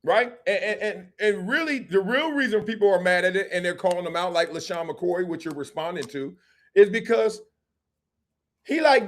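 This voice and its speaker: A man's voice: high voice, lively intonation, normal speed, fairly bright tone. A man hosting a sports talk show, talking animatedly and acting out quotes in character voices. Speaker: show host.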